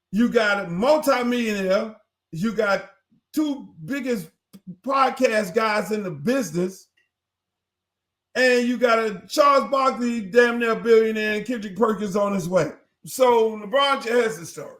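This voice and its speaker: Loud animated older man ranting. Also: sits high. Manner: animated, acts out others' voices, heavy cursing. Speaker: host. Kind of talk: profane commentary monologue.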